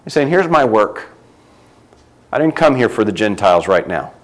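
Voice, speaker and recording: A man preaching a sermon, reading scripture aloud and swinging between loud emphatic lines and quiet low ones. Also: sing-song, normal speed, low-quality recording.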